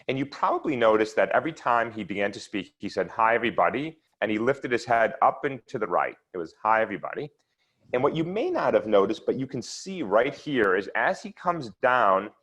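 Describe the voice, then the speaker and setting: Low-voiced man lecturing on research. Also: fairly bright tone. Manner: explanatory, walks listeners through charts step by step. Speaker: researcher presenting at an online seminar. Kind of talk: lecture with slides.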